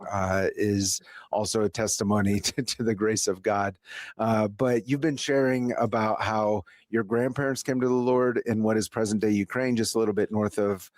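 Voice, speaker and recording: Low-voiced male talk-show host, dry sound. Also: no room sound. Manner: warm, hesitant delivery with many uhs and light laughs. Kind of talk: radio interview hosting.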